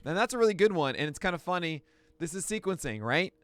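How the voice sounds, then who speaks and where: Guy geeking out over pitches, kinda high voice, dry close sound. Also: fast talker, dry recording. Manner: excitable, bursts into shouts and laughs. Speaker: pitching analyst host. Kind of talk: excited play-by-play pitch breakdown.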